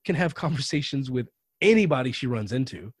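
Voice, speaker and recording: A man with a husky, slightly breathy voice, recounting family stories as a podcast guest. His pitch sits in the middle range, and he livens up whenever he quotes someone. The recording is dry and close, with no room sound. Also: brisk, dry recording. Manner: anecdotal, animated when quoting others. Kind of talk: conversational storytelling.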